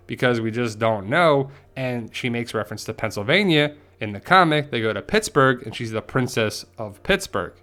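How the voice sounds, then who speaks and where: A man giving a casual, chatty episode recap and theory commentary, often acting out the characters' lines. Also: mid-range voice. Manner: chatty, animated, acts out quotes. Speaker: TV show commentator.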